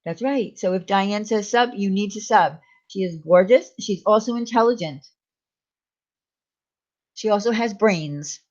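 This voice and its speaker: A woman's voice: medium pitch, unhurried. A woman hosting a casual live stream, chatting with viewers and reading their comments aloud. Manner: chatty, reassuring, talks to chat by name. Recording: slightly dull lo-fi stream audio.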